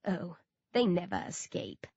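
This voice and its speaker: A woman's voice: a little high, normal speed, no room sound, lo-fi sound, lightly acted. A woman doing a creepy cooing man. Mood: whispered menace. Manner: cooing, croaking. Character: creepy grown man who coos over children.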